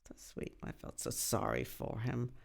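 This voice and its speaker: Low gravelly woman reading a memoir. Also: flat delivery, a little slow. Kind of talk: reading a memoir in first person.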